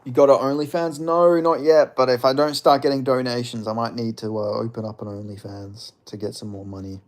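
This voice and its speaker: A man's voice: mid-range voice, fairly even intonation, fairly quick. A man hosting a casual livestream, rambling about fights, reading chat aloud and jokingly apologizing. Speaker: livestream host.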